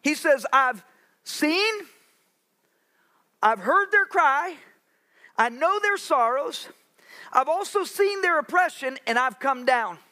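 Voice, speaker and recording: High, bright-voiced preaching pastor. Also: male voice, animated. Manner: preaching with dramatic pauses, acting out Bible voices. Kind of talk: sermon. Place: church sanctuary.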